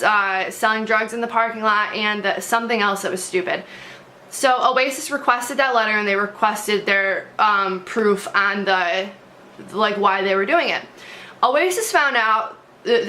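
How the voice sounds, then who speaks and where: Young woman vlogger ranting a storytime, sharp bright voice, cusses constantly, lots of um and like. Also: fairly high pitch. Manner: blunt, heavy swearing, many fillers and restarts. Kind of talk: casual storytime to camera.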